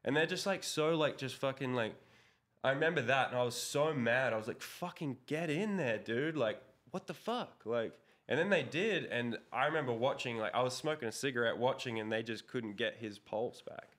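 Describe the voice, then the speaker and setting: A pro BMX rider from Australia, young and guesting on a casual interview, speaks briskly in a medium-pitched, fairly bright voice. His storytelling rambles, thick with fillers and heavy swearing.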